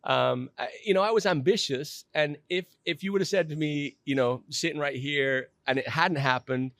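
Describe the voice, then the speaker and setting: A man's voice: fairly high pitch, normal speed, a bit bright, no echo, studio quality. A middle-aged man telling his own story in a podcast interview, candid and self-deprecating, often restarting his sentences.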